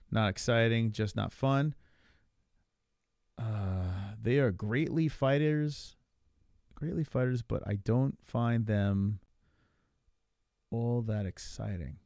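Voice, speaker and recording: A man co-hosting a casual podcast, talking in an animated, profane and rambling way. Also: on the low side, slow, vocal fry, long pauses, no echo, studio quality. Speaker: podcast co-host. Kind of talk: casual chat about fights.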